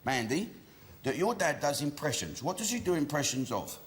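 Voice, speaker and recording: A man's voice: on the high side, sing-song, moderate pace, slight background noise. A man hosting a studio game show with jokey, teasing banter. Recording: live studio with loud audience.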